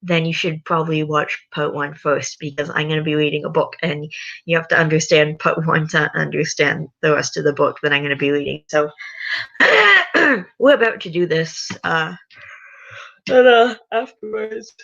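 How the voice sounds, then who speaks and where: Low gravelly young woman streamer. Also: normal speed, fairly bright tone. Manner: chatty, hesitant, self-correcting. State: tired. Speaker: livestream host reading a story. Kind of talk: casual livestream, reading aloud. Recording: dull lo-fi sound.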